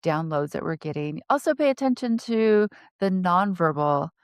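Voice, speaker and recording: A middle-aged woman co-hosting a podcast discussion, speaking in a gentle, caring and practical way. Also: lowish voice, animated, moderate pace, clean tone, no echo, studio quality. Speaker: podcast co-host. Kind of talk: casual panel discussion.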